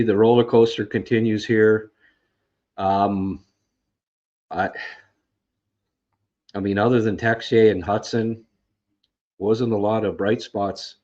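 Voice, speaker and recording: A man's voice: fairly low pitch, darkish tone. A man hosting a podcast, giving a casual game recap in a frustrated, rambling way, full of fillers and restarts. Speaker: podcast host. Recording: dull lo-fi sound.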